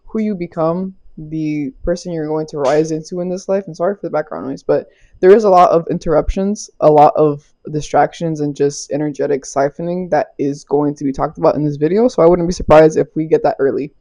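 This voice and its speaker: A woman's voice: deep voice, fairly even intonation, fairly quick, dark tone. A young woman giving a casual spiritual tarot reading, loose and chatty, laughing often and swearing casually. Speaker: tarot reader. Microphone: small clip-on mic.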